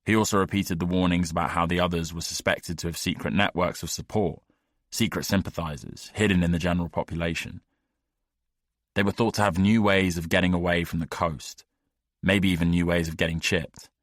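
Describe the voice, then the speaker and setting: A man reading an audiobook in the first person, measured and wry. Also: sits low, steady tone, dry recording, studio quality. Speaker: audiobook narrator. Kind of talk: scripted audiobook narration.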